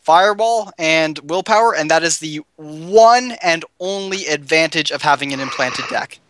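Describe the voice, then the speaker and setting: A man's voice: a little high, animated, normal speed, a bit bright, a little hiss or hum. A man playing a tabletop game, explaining rules insistently in casual chat. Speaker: player.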